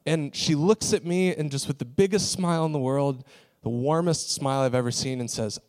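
A man's voice: a little high, moderate pace, a little mellow. Man telling a story in a sermon. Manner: conversational storytelling with fillers. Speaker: pastor.

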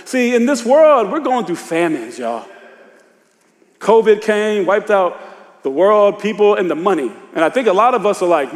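A man preaching a sermon in loose, casual speech, dropping to a hush and rising to shouts. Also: high voice, big pitch swings, normal speed. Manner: swings from hushed confession to shouted exhortation; informal Southern-tinged preacher speech, "y'all" and "ain't". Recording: long hall reverb.

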